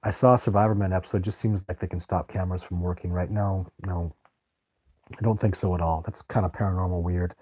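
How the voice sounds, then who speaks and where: A man's voice: low voice, steady tone, fast talker, a little mellow. A man hosting a live stream, answering viewer questions in a rambling, enthusiastic way. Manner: rambling, enthusiastic, often exclaims. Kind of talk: live stream Q&A, casual chat.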